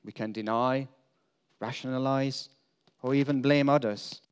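An earnest man delivers a sermon as a first-person dramatic monologue, speaking as an apostle. His pace is slow and unhurried, and he lets emphatic declarations fall away into quiet, confessional moments. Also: mid-range voice, steady tone, smooth. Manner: earnest storytelling, swinging between emphatic lines and hushed confession.

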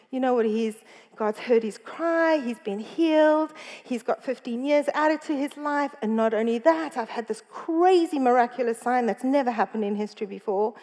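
High-voiced woman preaching in a reverberant hall. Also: a little mellow. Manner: chatty storytelling, self-correcting. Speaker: pastor. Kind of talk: sermon. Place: church hall.

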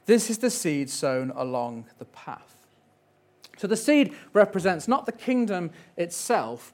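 A man giving a sermon in a gentle, reflective way, with light asides. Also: on the high side. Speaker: preacher.

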